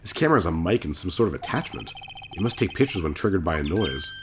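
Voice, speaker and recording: A man's voice: deep voice, big pitch swings, fast talker, background noise. A man in his thirties playing a game on his channel, chatting casually, reading out dialogue, and rambling with lots of self-corrections. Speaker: gaming channel host.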